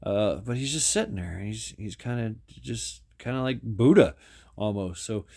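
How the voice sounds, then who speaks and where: A man's voice: on the low side, measured pace, vocal fry, darkish tone. A man casually telling a story, rambling with restarts and fillers.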